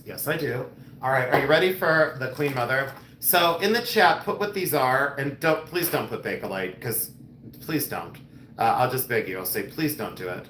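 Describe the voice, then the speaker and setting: Man, live-sale host, bright voice, animated joking chat, echoey room, faint hiss. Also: medium pitch. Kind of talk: casual live-stream chat.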